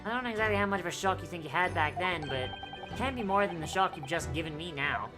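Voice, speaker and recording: A woman's voice: lowish voice, animated, quick pace. A young woman streaming a video game, reading its dialogue aloud in playful voices and joking with crude swearing. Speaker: VTuber streamer. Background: game music.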